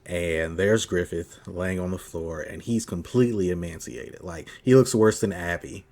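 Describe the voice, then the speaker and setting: A man with a fairly low voice cohosts a laid-back podcast. He tells the story with big energy, jumping into goofy voices for the characters and cursing and laughing as he goes. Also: normal speed. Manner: animated storyteller, acts out quotes in funny voices, swears and laughs. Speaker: podcast co-host. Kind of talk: casual chat recapping an anime.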